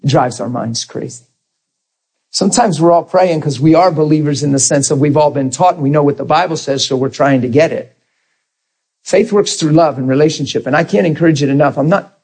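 A man preaching, his voice a little husky and breathy. He tells a story and acts out the dialogue, lifting his voice for the other man's lines. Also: on the high side. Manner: animated storyteller acting out dialogue. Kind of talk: sermon with storytelling.

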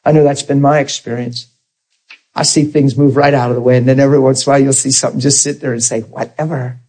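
A man preaching, his voice a little husky and breathy. He tells a story and acts out the dialogue, lifting his voice for the other man's lines. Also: mid-range voice, fast talker. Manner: animated storyteller acting out dialogue. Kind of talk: sermon with storytelling.

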